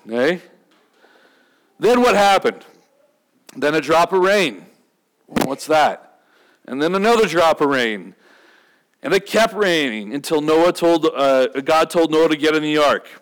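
A high-voiced male pastor gives a sermon in a loose, chatty style. He jokes with the congregation and keeps asking rhetorical questions. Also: animated, measured pace, long pauses, fairly bright tone, low-quality recording. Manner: conversational, humorous, rhetorical questions.

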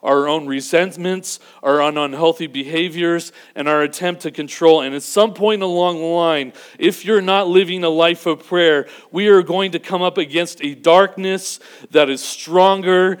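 A man preaching a sermon, earnest and building to emphatic peaks before dropping to a low, quiet delivery. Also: fairly even intonation, moderate pace, few pauses, clear, resonant tone. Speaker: pastor.

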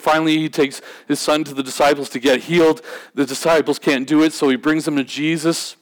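A man delivers a sermon in a slightly higher voice. His delivery is conversational and loose, and he often repeats words and starts sentences over. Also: steady tone, a little fast. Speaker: pastor.

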